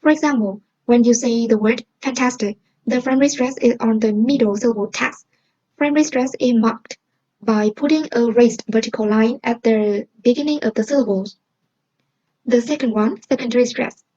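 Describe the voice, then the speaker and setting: A woman's voice: a little high, normal speed, mellow, breathy edge. A young woman with a Vietnamese accent, a Vietnamese native speaker, giving a student class presentation in a careful, explanatory way and quizzing the listener. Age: young adult. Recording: dull lo-fi recording.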